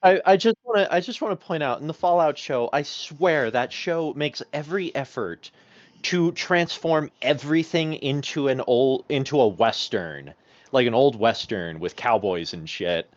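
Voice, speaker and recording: A man's voice: mid-range voice, normal speed, no room sound. A man playing in a tabletop game, chatting casually and rambling with lots of laughter. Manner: animated, laughing, rambling storyteller. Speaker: player. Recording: dull, lo-fi stream audio.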